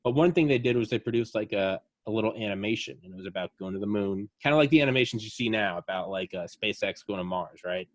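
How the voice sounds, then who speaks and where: A man chatting casually as a podcast co-host, telling a rambling, animated story full of fillers. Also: lowish voice, fast talker, few pauses. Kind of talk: casual chat.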